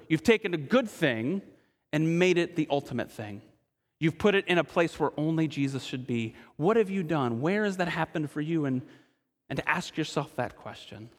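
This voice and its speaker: A man preaching a sermon as pastor, earnest, asking his listeners direct questions and slowing to a hush for emphasis. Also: a little high, animated, long reverb tail. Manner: slows and drops quiet for emphasis.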